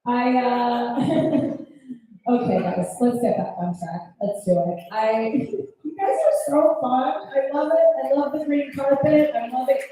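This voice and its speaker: A high-pitched woman in her thirties works the crowd at a comedy club, brash and profane, firing off quick asides. Her voice rings around a very echoey room and sounds set back from the microphone, with faint noise behind it. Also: mellow. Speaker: stand-up comedian. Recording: echoey club, mic heard from a distance.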